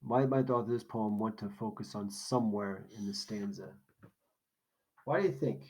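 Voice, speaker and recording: A man's voice: on the low side, moderate pace, a little mellow, breathy edge, low-quality recording. Man teaching a poetry lesson. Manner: casual explaining, asks questions and answers them himself. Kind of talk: recorded classroom lesson walkthrough.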